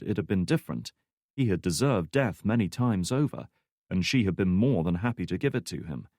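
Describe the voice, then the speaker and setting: Brief: male narrator, lowish voice, steady thriller reading, dry booth sound. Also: no room sound. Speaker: audiobook narrator. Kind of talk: scripted narration.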